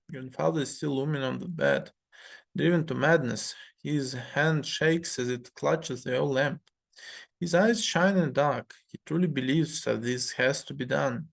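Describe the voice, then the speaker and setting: A man reading a story game aloud in a measured way, adding his own commentary with fillers. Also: fairly high pitch, creaky.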